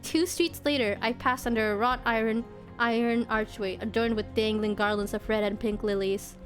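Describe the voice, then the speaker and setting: A woman streamer reads a visual novel's narration aloud in a slightly high voice, casual and easily amused. She keeps slipping into giggles between lines. Soft game music plays faintly behind her. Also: steady tone, moderate pace. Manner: giggly, breaks off into laughter.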